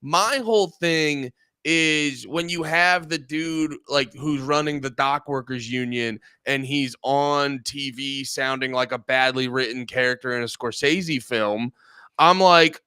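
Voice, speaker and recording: A man's voice: fairly high pitch, measured pace, sharp tone, smooth, dry recording, studio quality. A man in casual stream chat, rambling and cursing, acting out quotes in mock voices. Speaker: co-host.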